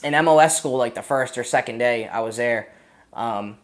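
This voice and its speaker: Male veteran guest, 30s, Massachusetts accent; relaxed, profane, rambling storyteller. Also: medium pitch, normal speed. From Massachusetts, USA. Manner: profane, rambling, laid-back, frequent "man" and "you know". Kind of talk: casual storytelling interview.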